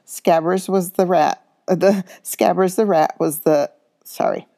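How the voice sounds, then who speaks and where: Low gravelly woman reading aloud. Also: unhurried, dry recording, studio quality. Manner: steady reading with small slips and corrections. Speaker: school coach reading aloud. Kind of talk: reading a children's novel aloud.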